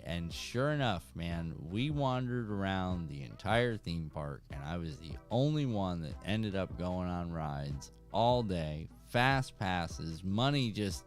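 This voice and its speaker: Low-voiced man telling a lively story. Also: measured pace, hardly any pauses, faint music behind. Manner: animated, acts out voices in anecdotes. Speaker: fishing channel host. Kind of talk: casual storytelling to viewers.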